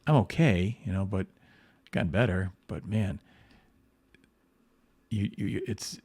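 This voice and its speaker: A man with a fairly low voice, chatting loosely as he paints comic art on a livestream. He rambles, restarts his sentences and leans on "you know" over and over. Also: a little slow, a little mellow, husky. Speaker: comic book artist. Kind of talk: casual livestream chat while painting.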